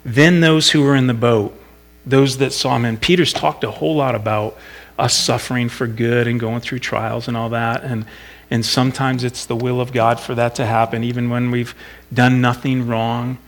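A middle-aged man talks through a Bible passage in a relaxed, conversational devotional. He sounds reflective, as if thinking aloud, and his voice sits at an ordinary middle pitch. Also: normal speed.

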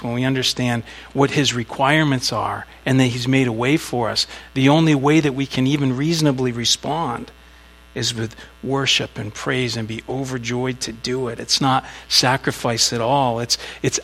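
A man delivers a sermon with a gravelly, creaky edge to his voice. He speaks conversationally and slips into small acted asides while telling a story. A faint electrical hum sits behind the recording. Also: medium pitch, a bit bright, low-quality recording. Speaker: pastor.

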